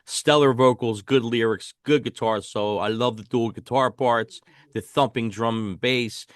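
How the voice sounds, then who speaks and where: A man's voice: medium pitch, fairly even intonation, moderate pace, no echo, studio quality. A man hosting a casual album review chat, enthusiastic and swearing casually as he hands rankings to his co-host. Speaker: podcast host.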